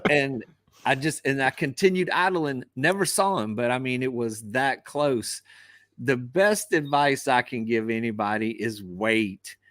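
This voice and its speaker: A man with an average pitch gives plain cautionary advice to other anglers. He tells his boating stories in a casual podcast chat over a remote call. The sound is dry and close. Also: a little slow, fairly bright tone, no echo. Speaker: fishing captain, podcast co-host. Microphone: remote call over wifi.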